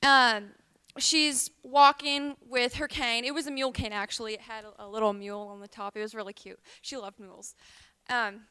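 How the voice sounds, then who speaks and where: A woman's voice: fairly high pitch, level tone, moderate pace, bright, forceful tone, smooth. A woman from Tennessee, telling a rambling tall tale at a liar's contest, full of ums. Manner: chatty, rambling, with many ums.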